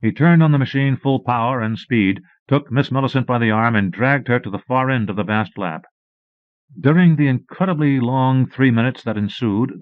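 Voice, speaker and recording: A man reading a pulp short story aloud as an audiobook narrator, in a measured storytelling read. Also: lowish voice, no room sound. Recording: dull lo-fi cassette audiobook.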